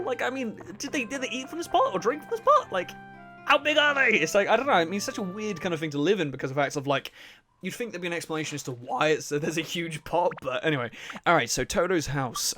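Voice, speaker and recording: A man's voice: high voice, fairly bright tone. A man giving casual, rambling commentary over a video game. He jokes, swears a lot and laughs often. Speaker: let's play host.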